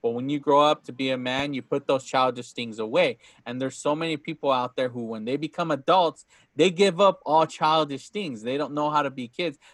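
A man hosting a podcast, chatting casually about a movie in an animated, rambling way with many restarts. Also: medium pitch, a little fast, no echo, clean studio sound. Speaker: podcast host.

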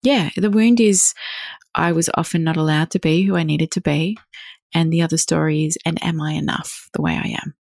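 A woman with a deep voice and a gravelly edge talks through parenting ideas in an interview. She is reflective and builds each point from long everyday examples. The sound is close and dry. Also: fairly even intonation, normal speed, a little mellow, no room sound. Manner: acts out quoted thoughts in her own voice. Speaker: parenting coach. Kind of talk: podcast interview.

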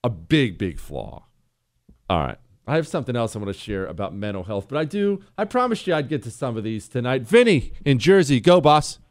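A man's voice: medium pitch, very animated, quick pace, few pauses, dry recording, clean studio sound. A man hosting a talk radio show, speaking bluntly and sarcastically with strong emphasis. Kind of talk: opinionated talk radio monologue.

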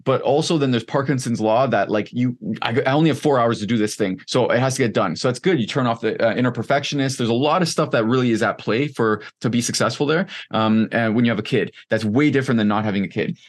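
A man's voice: mid-range voice, fast, hardly any pauses. A man in his thirties, a podcast guest, talking in a casual, candid and rambling way, with lots of "like" and the odd swear word. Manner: candid, rambling, heavy use of "like", occasional swearing. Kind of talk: casual conversation.

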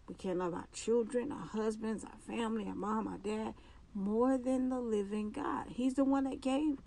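Woman podcast host, slow and earnest faith testimony, halting delivery with restarts. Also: on the high side, vocal fry, no room sound.

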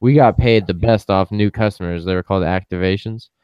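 A man's voice: deep voice, brisk, darkish tone, clear, resonant tone, no echo, dull audio. A young man co-hosting a casual podcast chat, telling loose stories and acting out what people said in a raised voice. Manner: loose storyteller who acts out quoted lines in a raised voice. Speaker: podcast co-host.

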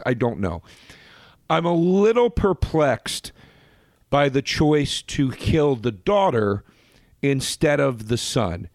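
A man in casual podcast chat, his voice at an ordinary middle pitch. He talks animatedly, stumbling and restarting as he works through his points and swinging upward when he gets worked up. The sound is close and dry. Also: no echo. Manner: animated, restarts often, swings high with emphasis. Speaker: podcast co-host.

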